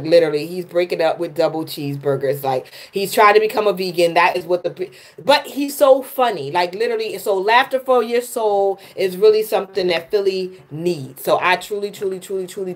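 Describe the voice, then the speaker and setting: Chatty woman hosting a livestream. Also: fairly low pitch. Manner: chatty, talks straight to viewers, often repeats words. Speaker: livestream host and poet. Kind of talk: casual livestream chat with viewers.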